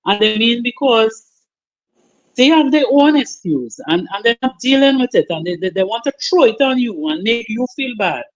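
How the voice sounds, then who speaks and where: A woman's voice: fairly high pitch, expressive, moderate pace. A woman sharing her story earnestly in a group discussion, often asking "you understand?". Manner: earnest, repetitive, laughs often. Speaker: participant. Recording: muffled lo-fi call audio.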